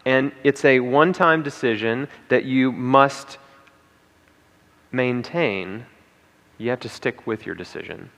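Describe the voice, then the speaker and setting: A man's voice: mid-range voice, takes it slowly, creaky, pauses often, fairly bright tone. A man giving an emphatic motivational talk at a conference, repeating key lines and checking in with "okay?" and "right?". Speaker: speaker at a conference. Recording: reverberant hall.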